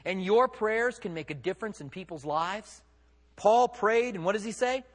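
A man's voice: high voice, expressive, moderate pace, long reverb tail. A man preaching a sermon as pastor, conversational and emphatic, with rhetorical questions.

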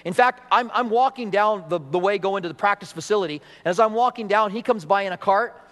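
A middle-aged man preaching a sermon in a church sanctuary, with a rather high voice for a man. His delivery is animated, and he acts out the people he quotes. The sound carries a long hall reverb. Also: brisk. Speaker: pastor.

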